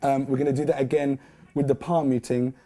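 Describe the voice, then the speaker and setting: A man's voice: medium pitch, flat delivery, a little fast, very noisy. A young man giving a casual, jokey guitar lesson, counting beats and scatting rhythms aloud. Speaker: guitar teacher. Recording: loud guitar playing under the voice.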